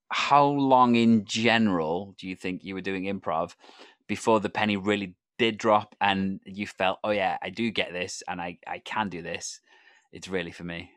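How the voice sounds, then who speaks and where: A man hosting a podcast interview, chatting casually and chuckling often in a relaxed, supportive way. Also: sits low, no echo. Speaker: podcast host.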